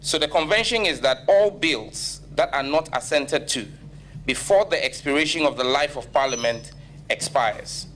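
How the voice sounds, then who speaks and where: A man's voice: fairly high pitch, moderate pace, a bit bright, slight background noise. Firm Ghanaian man testifying at a hearing. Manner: firm, emphatic, declarative. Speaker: ministerial nominee. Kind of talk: parliamentary vetting testimony.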